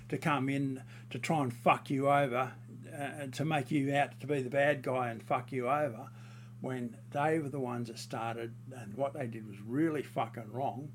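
A man's voice: mid-range voice, slight background noise. A man in a casual monologue, ranting heatedly and crudely, rambling with fillers and restarts.

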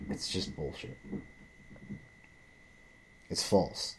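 A man's voice: very slow, a little hiss or hum. A man ranting in a profane, rambling monologue, often restarting and repeating himself.

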